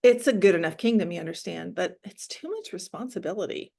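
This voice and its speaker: Older cobbler, male, deadpan and practical, read by a woman. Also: on the low side, a little fast, creaky. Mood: dry.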